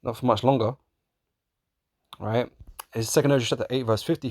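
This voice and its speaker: A man preaching in a casual, profane way, often laughing, calling listeners man and bro, and reading scripture slowly in old-fashioned wording. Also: mid-range voice, fairly even intonation, darkish tone, no echo, clean studio sound. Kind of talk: street-style sermon, reading scripture.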